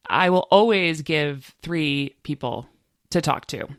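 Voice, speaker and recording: A woman's voice: sits low, takes it slowly, no echo, studio quality. A woman talking as a guest on a podcast, casual and enthusiastic. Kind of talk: casual conversation.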